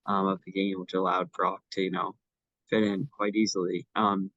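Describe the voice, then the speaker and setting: A man's voice: low voice, little pitch movement, normal speed, a bit bright, no echo, lo-fi sound. A young man co-hosting a casual sports podcast, talking in a chatty way with many fillers and restarts. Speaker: podcast co-host.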